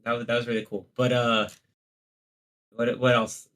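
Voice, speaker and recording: A man's voice: medium pitch, flat delivery, normal speed, a bit bright. A man hosting a casual movie podcast, rambling with lots of fillers. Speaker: podcast host.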